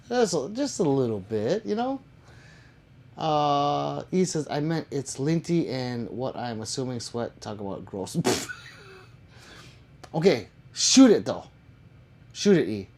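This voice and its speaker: A man's voice: mid-range voice, darkish tone. A man chatting casually on a live stream, reading viewer comments aloud and answering them with jokes and swearing.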